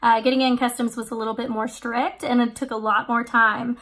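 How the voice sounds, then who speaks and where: A woman's voice: a little high, level tone, a little fast, fairly bright tone. A woman in her twenties, a vlogger, casually telling a trip story with many fillers. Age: 20s.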